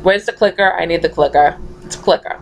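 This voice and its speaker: A woman's voice: fairly low pitch, fast, creaky, slight background noise, low-quality recording. Chatty woman with a thick Massachusetts accent. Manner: chatty, laughs often, reads questions aloud. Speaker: vlogger. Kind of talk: casual accent tag video.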